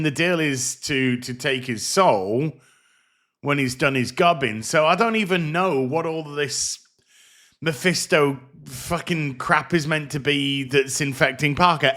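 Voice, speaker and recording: A man's voice: medium pitch, bright, forceful tone. A man giving a sarcastic, exasperated and profane review of a TV show. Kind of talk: ranting commentary review.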